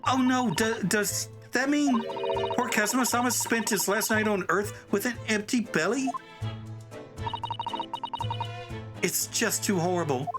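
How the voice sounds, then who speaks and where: A man doing a sweet, high young woman assistant. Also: normal speed, natural voice. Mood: alarmed. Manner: gentle, excitable, high-pitched. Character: polite earnest young Japanese woman assistant. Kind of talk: game dialogue read-through. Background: game music.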